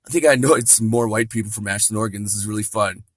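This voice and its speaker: A man's voice: on the low side, racing, no room sound, poor audio. A man hosting and doing a rambling, sardonic comic monologue. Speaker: comedian host.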